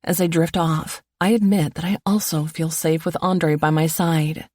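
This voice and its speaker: A woman narrating a first-person romance audiobook in an even, low-key reading voice. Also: normal speed, no echo, studio quality.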